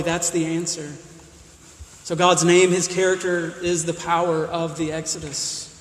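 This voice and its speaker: A man's voice: on the high side, slight background noise. A man preaching a sermon, emphatic, often repeating and restarting words as he stresses his points. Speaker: pastor. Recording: roomy hall with long reverb.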